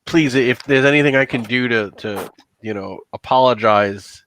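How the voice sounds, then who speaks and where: A man's voice: mid-range voice, normal speed, a bit bright, a little hiss or hum, close to an everyday voice. A man voicing a shaken, frightened homeowner who stammers and sounds close to tears. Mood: flustered. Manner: stammering, tearful, insistent.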